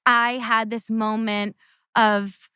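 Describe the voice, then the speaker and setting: A woman's voice: a little high, level tone, takes it slowly, bright, forceful tone, clear, resonant tone, no echo. A woman in her thirties, a former Olympic gymnast, tells stories in casual chat, earnest and tumbling, often repeating herself.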